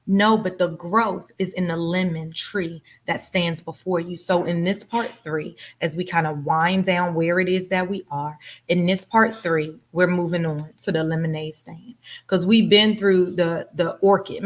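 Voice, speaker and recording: A woman hosting a live coaching session, speaking emphatically and repeating phrases for effect. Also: lowish voice. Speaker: life coach and host. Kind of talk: motivational live talk to an audience.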